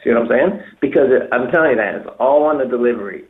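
This man's voice sits in the mid-range, and he talks fast. He's a dating coach on a talk show giving emphatic advice, repeating himself and performing example phrases, captured in echoey, phone-like audio.

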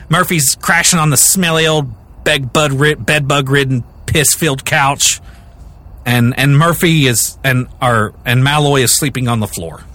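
A man's voice: medium pitch, a little slow. A young adult man co-hosting a podcast, casually telling a true crime story with jokes and restarts. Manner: animated, rambling, jokey, with many restarts.

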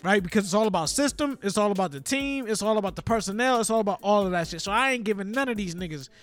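A man with a high voice co-hosts a casual sports chat. He is loud and profane and acts out skits in other voices as he talks. Faint music sits behind him. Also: lively intonation, quick pace. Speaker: podcast co-host.

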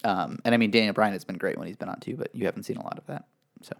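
A man with a fairly low voice talks through a casual podcast conversation. He explains at length in a chatty, filler-heavy way. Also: racing, creaky. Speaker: podcast co-host. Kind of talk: casual wrestling chat.

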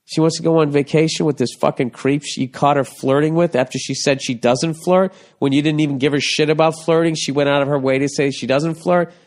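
A man's voice: fairly high pitch, fairly even intonation, brisk, few pauses. A man hosting a casual comedic monologue, reading a listener's letter and answering in a blunt, profane, ranting way. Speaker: podcast host giving advice.

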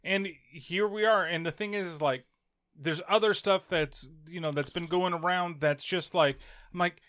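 A man's voice: high-pitched, animated, normal speed, sharp tone. A man in casual chat, venting in an exasperated way about work and family, swearing freely and acting out what other people said.

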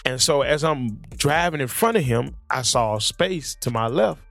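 A man's voice: mid-range voice, expressive, normal speed, gravelly, fairly bright tone, dry recording, faint music behind. A man hosting a podcast, animatedly telling stories in casual chat at a studio microphone, often repeating words as he starts sentences. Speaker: podcast host. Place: studio, sitting across from a guest.

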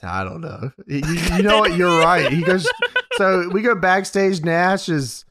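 A man co-hosting a casual podcast, his voice a little high and his pitch rising and falling freely. He narrates events in a relaxed way and swears casually. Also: a little slow, very noisy. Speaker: podcast co-host. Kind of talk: casual chat recapping wrestling.

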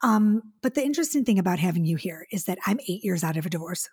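A woman hosting a relationship podcast, effusive and chatty, talking in quick asides and gushing over her guest. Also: fairly low pitch, lively intonation, darkish tone, husky. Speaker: podcast host.

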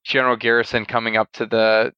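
A man's voice: medium pitch, completely flat delivery, fast, smooth, dry recording. A man hosting a casual conversation, talking with enthusiasm and chuckles. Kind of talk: casual conversation about a war film. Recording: slightly dull, dry sound.

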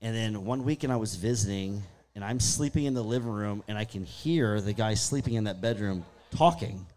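A man's voice: fairly low pitch, normal speed. A man, casually telling spooky stories and acting out what people said. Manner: animated storyteller acting out his own quotes. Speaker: guest storyteller. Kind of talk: casual ghost-story chat.

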